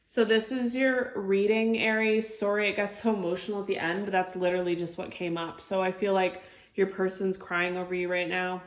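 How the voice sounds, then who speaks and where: A woman's voice: mid-range voice, level tone, a little fast, few pauses. A woman giving an intuitive tarot reading to camera, chatty and heartfelt, full of filler words. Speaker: tarot reader. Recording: echoey room.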